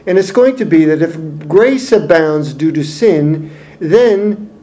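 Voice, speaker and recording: A man's voice: on the high side, animated, slow, dark tone. A man teaching through a Bible passage in an expository sermon, speaking in an emphatic, explanatory way. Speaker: preacher.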